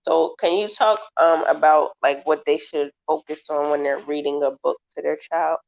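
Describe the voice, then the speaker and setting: A woman hosting an interview, relaxed and chatty, laughing often as she asks questions. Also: low-pitched, normal speed, creaky. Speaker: interview host. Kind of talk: casual interview chat. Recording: dull lo-fi sound.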